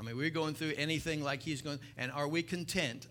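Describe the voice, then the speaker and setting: A man preaching a sermon, asking the listeners questions and swinging from loud exclamations to soft, intense passages. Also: fairly high pitch, a little fast, hardly any pauses, a little hiss or hum. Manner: asks the congregation rhetorical questions. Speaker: pastor.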